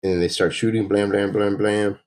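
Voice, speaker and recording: Deep-voiced male host, casual comic read-along, musing. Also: little pitch movement, a little fast, a little mellow, rough recording. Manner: musing, adds sound effects.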